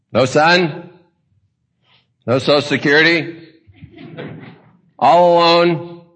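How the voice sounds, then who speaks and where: A man's voice: mid-range voice, a bit bright, big-room sound, lo-fi sound. A man preaching a humorous sermon, telling stories in a folksy, joking way with chuckling asides.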